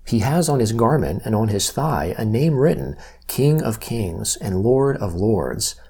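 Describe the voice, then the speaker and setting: A man reading scripture aloud in a measured way, slowing down to stress key phrases. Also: mid-range voice, creaky, breathy edge. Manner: measured, even-paced reading with slow emphasis on key phrases. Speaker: Bible reader.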